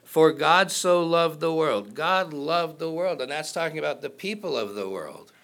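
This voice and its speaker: A man's voice: a little high, lively intonation, moderate pace, creaky, fairly bright tone. A man preaching a sermon in a conversational way, asking the congregation questions and cracking jokes. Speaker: pastor.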